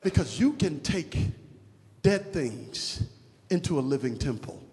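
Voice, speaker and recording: A man preaching a sermon, moving between hushed teaching and shouted, rhythmic exhortation with call-and-response refrains. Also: fairly high pitch, animated, unhurried, big-room sound.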